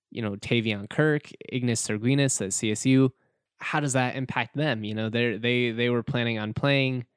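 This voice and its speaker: Young man, casual sports-podcast host, chatty and joking, smooth voice, close dry mic. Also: lowish voice, no room sound. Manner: chatty, self-joking, laughs often. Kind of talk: casual solo podcast talk.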